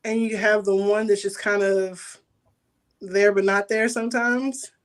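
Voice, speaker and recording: A woman's voice: mid-range voice, steady tone, unhurried. A woman in a casual group chat who asks thoughtful, probing questions. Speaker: participant asking questions.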